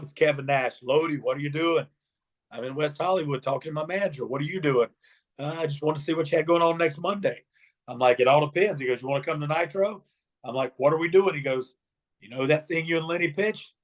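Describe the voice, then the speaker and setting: A little fast and on the high side, the voice belongs to a middle-aged ex-wrestler telling stories during an interview. He animatedly acts out how the people in his stories talked.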